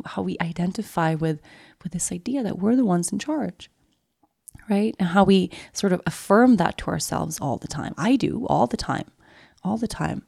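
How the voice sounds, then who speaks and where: A woman podcast host telling a personal story in a soft, confessional way, often dropping to a whisper and repeating phrases. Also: on the low side, creaky, no echo, studio quality. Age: adult with a daughter.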